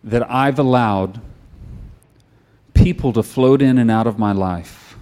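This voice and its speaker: A middle-aged man preaching a sermon. He tells stories in a conversational way and moves into quiet, earnest prayer. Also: mid-range voice, slow.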